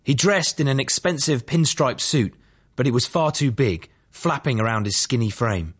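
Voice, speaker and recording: A man's voice: medium pitch, lively intonation, normal speed, husky. A man narrating his memoir as an audiobook, telling it in a matter-of-fact, dry way.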